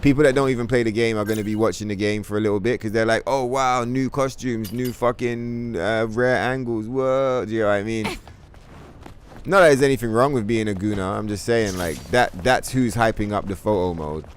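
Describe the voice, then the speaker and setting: A man's voice: fairly low pitch, a little fast, a little hiss or hum. A man streaming a game, ranting in a casual, profane, exasperated way and mocking others in put-on voices. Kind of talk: casual gaming stream rant.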